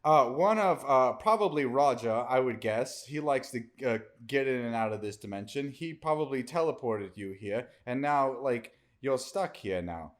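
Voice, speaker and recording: A man's voice: mid-range voice, animated, moderate pace, few pauses, lightly acted. A man voicing a friendly male demonic clown in a put-on British accent, rambling and calling everyone mate in improvised comedy. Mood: chatty. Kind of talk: improvised comedy role-play.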